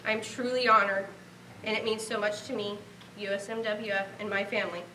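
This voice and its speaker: A woman's voice: medium pitch, fairly even intonation, brisk, reverberant, distant mic, background noise. A woman in her thirties from Nebraska giving a heartfelt award acceptance speech, earnest and grateful. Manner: heartfelt, earnest, speaking of a lost relative.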